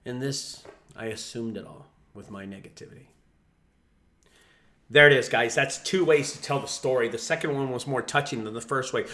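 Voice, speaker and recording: A man's voice: mid-range voice, normal speed, sharp tone. A man who runs a junk removal business, teaching sales in a casual, profane, storytelling way. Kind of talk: casual teaching talk to camera.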